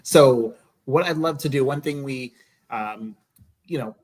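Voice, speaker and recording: A man hosting a sports podcast, relaxed and casual, with many fillers. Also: medium pitch, unhurried, slight background noise. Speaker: podcast host. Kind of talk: casual chat.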